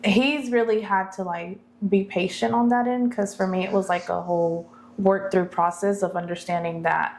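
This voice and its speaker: A woman's voice: medium pitch, fairly even intonation, normal speed, darkish tone. Chatty young woman co-hosting a podcast. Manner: candid, chatty, lots of filler words. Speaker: podcast co-host. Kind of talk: casual chat.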